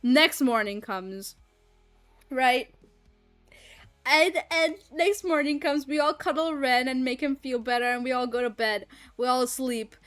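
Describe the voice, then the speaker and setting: A young woman who streams and does voice acting chats casually while recounting a story, laughing often and swearing freely in an animated way. Her voice sits high and unhurried, with no echo and soft music playing behind her.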